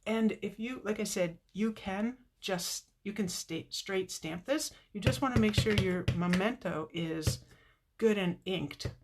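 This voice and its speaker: A woman's voice: mid-range voice, unhurried. A woman hosting a casual live card-making tutorial, chatting to viewers by name and laughing often.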